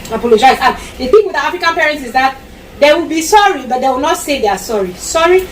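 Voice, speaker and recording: Cameroonian mom vlogging, highish voice, repeats herself for emphasis, loud room noise behind. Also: female voice, animated, fast talker, reverberant. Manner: emphatic and repetitive, slips into Pidgin phrases. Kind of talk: casual advice talk to camera. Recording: distant mic with loud background ambience.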